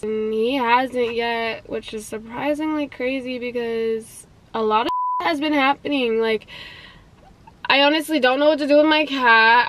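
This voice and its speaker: A woman's voice: high voice, a bit bright, slight background noise, rough recording. A young woman vlogger chatting casually and confessionally, rambling and filling her talk with "like" and "you know".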